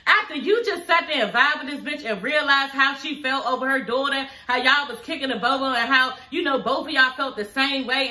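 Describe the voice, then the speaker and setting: Sassy, bright-voiced woman vlogger. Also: high voice. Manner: sassy, chatty, talks straight to viewers. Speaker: TV recap vlogger. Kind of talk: casual TV episode review vlog. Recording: echoey room.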